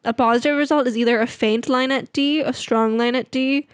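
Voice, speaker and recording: A woman's voice: a little high, fairly even intonation, fairly quick, smooth, no echo. A young woman vlogging in a chatty, rambling, self-mocking way. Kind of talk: casual vlog chat.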